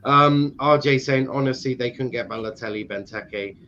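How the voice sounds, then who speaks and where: A man's voice: mid-range voice, moderate pace, pushed and bright, slight background noise. A man from Ireland hosting a casual football chat stream, teasing his guests and laughing often, with frequent fillers. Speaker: host. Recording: dull lo-fi stream audio.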